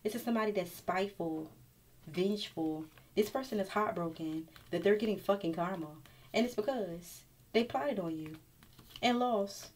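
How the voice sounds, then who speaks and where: A woman's voice: medium pitch, moderate pace, a little mellow. Blunt, profane woman doing a tarot reading. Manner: blunt and profane, talks straight to the viewer. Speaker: tarot reader.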